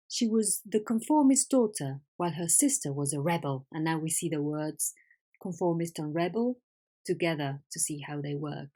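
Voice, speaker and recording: Female English teacher, Spanish native speaker, slightly low voice, patient and clear, recorded lesson. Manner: patient, clear, lively questioning.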